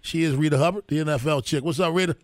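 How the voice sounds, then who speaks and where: A man's voice: a little high, rapid-fire. A man hosting a morning sports radio show, brash and teasing with his guest.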